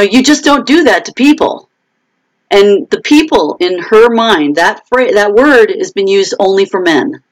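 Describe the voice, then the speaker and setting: A woman from the United States hosts a casual live stream, reading out viewer comments and answering them by name. Her pitch swings widely as she talks. She restarts her sentences often, laughs in short bursts, and jumps into high, raised voices when she quotes other people. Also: low-quality recording. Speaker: author hosting a live chat.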